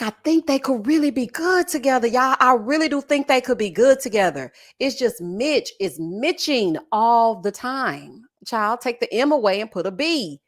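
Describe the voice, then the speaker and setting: A young adult woman hosting a casual reaction chat, reading viewer comments in a sassy, animated way and drawing out "child" and "honey". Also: fairly high pitch.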